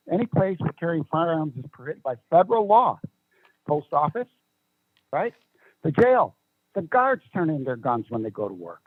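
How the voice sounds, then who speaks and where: An emphatic man argues his case at a county meeting, his voice a bit higher than usual. The sound is dull and muffled, and very dry. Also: dry recording. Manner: emphatic, argumentative, rhetorical questions. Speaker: resident giving public comment. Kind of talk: public comment at a county meeting.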